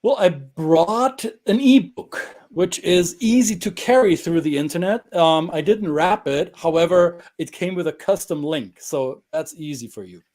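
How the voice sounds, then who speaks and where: A German man whose accent is blended with American Midwest and Southeast touches, chatting as a guest. He talks in a playful, joking way, with dry quips. His voice sits slightly high for a man. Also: normal speed, few pauses, a little mellow. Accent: German with American Midwest and Southeast traces. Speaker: guest cultural coach. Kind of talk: casual interview chat.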